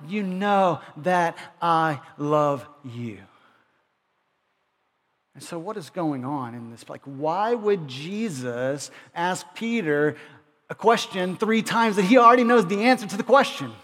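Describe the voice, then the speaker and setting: Pastor, male, high-pitched, conversational sermon delivery with restarts; reverberant hall. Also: lively intonation, moderate pace, fairly bright tone. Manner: conversational preaching with frequent restarts. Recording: long reverb of a large hall.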